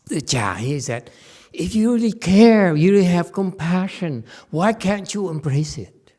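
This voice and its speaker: A man giving a casual Buddhist dharma lecture as teacher, animated and joking, repeating words and mimicking voices. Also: high voice, unhurried. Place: temple lecture hall.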